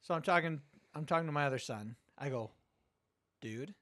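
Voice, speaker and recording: A middle-aged man hosting a podcast, telling a story in casual chat, animated, swearing and acting out quotes. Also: on the high side, normal speed, no room sound, clean studio sound. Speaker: podcast host.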